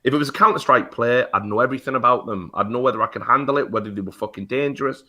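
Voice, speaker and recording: A man's voice: mid-range voice, racing, pushed and bright. A British man telling a heated story on a talk show, swearing often and restarting his sentences. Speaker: guest.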